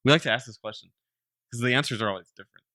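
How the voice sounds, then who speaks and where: A man hosting a gaming podcast in casual chat, lively and asking the audience questions. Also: medium pitch, racing, no echo, studio quality. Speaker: podcast host.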